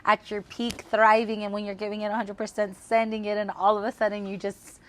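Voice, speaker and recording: A woman's voice: medium pitch, level tone, brisk, slight background noise. A woman from El Paso, Texas, a racing guest on a podcast, chatting casually with lots of "like"s and easy laughter. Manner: chatty, filler-heavy with frequent "like", laughs often. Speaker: guest, amateur race car driver. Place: host's house, over drinks.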